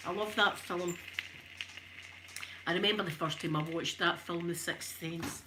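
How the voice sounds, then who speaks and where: A woman's voice: on the low side, steady tone, normal speed, long pauses, sharp tone, slight background noise. A Scottish woman hosting a chatty live stream while ironing, emotional and tearful, greeting her viewers by name.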